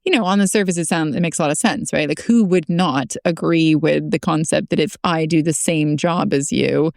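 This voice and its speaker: A woman's voice: sits low, moderate pace, creaky, darkish tone, no echo, clean studio sound. A woman co-hosting a podcast, talking in a reflective, loose, chatty way. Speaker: podcast co-host. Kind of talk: casual conversational chat.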